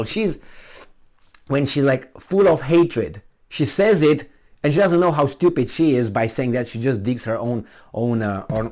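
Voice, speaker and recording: A man's voice: mid-range voice, darkish tone. A man speaking English as a second language, giving a blunt, rambling opinion monologue with frequent restarts and swearing. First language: not English. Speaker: commentator.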